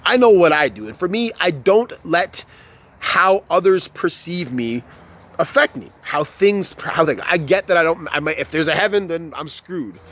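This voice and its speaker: A man's voice: fairly high pitch, animated, normal speed, a bit bright. A young man ranting to camera with a lot of swearing, stumbling and restarting his sentences, and growing heated. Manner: profane, repetitive, heated and restarting. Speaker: vlogger. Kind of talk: unscripted motivational rant.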